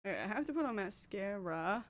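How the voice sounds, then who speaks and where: A woman's voice: mid-range voice, expressive, brisk. A young woman with a Canadian accent, chatting casually with her stream chat while doing her makeup. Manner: chatty, reads and answers chat. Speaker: livestreamer.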